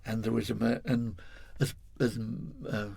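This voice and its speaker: A man's voice: on the low side, little pitch movement, measured pace, gravelly, darkish tone, breathy edge, no echo. An older man from England, a guest in an interview, telling a long story in a rambling, self-correcting way, chuckling as he goes.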